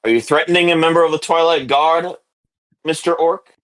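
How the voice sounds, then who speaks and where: A man's voice: on the high side, fairly even intonation, fairly quick, a bit bright, voice pushed up, close to an everyday voice. A man voicing a brusque human city guard who makes stern, officious demands. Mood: suspicious.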